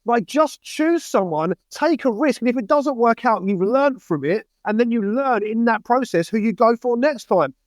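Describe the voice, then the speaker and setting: A man's voice: very high voice, animated, moderate pace, few pauses, no room sound. Blunt, fired-up young man. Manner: blunt, heated, forceful advice. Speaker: podcast guest. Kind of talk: casual conversation.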